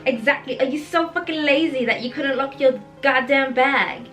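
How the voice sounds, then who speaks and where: A young woman talks in a casual reading vlog, and her voice sits high. She is animated and outspoken and swears freely as she reacts. Soft music plays faintly underneath. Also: normal speed. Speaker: book vlogger. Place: home, indoors.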